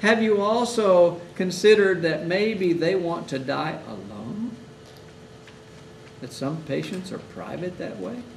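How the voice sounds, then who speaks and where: High, gravelly-voiced man lecturing. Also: takes it slowly. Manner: animated storytelling, acting out families' words. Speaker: hospital chaplain instructor. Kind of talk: conversational lecture. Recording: echoey room, mic at a distance, faint hiss.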